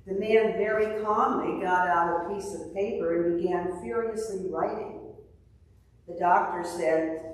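A woman pastor reading scripture and preaching a sermon in a measured, deliberate way. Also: lowish voice, fairly even intonation, a little hiss or hum. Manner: slow, measured delivery with a told joke. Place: church sanctuary. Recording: distant mic in an echoey hall.

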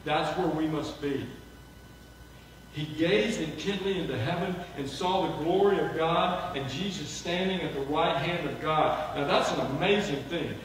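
A man preaching a sermon, animated and acting out the voices of people he quotes. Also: on the high side, a little slow. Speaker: pastor. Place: church sanctuary. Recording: echoey hall from far off.

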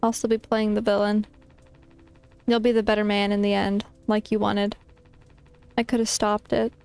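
A woman reading out a remorseful game character's dialogue, pleading earnestly but flatly. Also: medium pitch, normal speed, creaky, clear, resonant tone, soft background music, voice pushed down, natural voice. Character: remorseful game character begging a partner's forgiveness.

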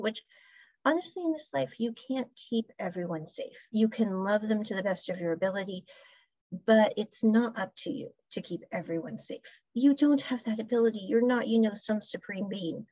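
This woman hosts a podcast and reviews a drama series, recapping it casually in a chatty, storytelling monologue full of asides. Her medium-pitched voice is mellow and moderately paced, with no room sound, though the recording is muffled.

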